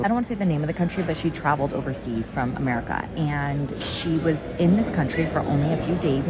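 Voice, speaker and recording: A young woman in her twenties retelling a story in a breathless, gossipy vlog style. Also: sits low. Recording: busy crowd noise behind.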